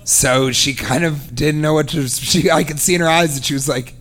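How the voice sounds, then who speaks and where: Animated sarcastic male comedian. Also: fairly high pitch, moderate pace, few pauses, slight background noise. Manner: animated, sarcastic, acts out both sides of exchanges. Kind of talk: comedic storytelling.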